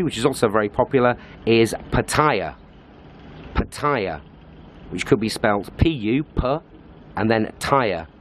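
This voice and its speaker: A man's voice: medium pitch, a little hiss or hum. Chatty British man vlogging. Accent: British English. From Britain. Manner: chatty, explanatory, with frequent "uh" fillers. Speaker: travel vlogger. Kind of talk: casual vlog talk to camera. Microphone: handheld compact camera.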